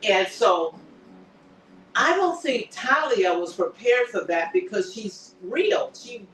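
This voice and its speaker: High-voiced man recapping a show, echoey. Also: slow, a little hiss or hum. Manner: animated, acts out characters' lines while retelling scenes. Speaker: show host. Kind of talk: casual TV recap chat. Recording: echoey room, distant mic.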